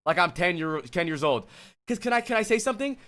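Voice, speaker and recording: A male streamer coaching a player live, with a high, bright voice. He is blunt and exasperated, swears freely, and breaks off to talk to his chat while he lectures. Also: sing-song, fast. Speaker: streamer coach reviewing gameplay.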